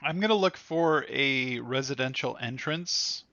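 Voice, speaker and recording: A man's voice: mid-range voice, unhurried, gravelly, bright, forceful tone, slight background noise. A man playing in a tabletop game, playfully declaring his character's actions. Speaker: player. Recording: slightly dull lo-fi audio.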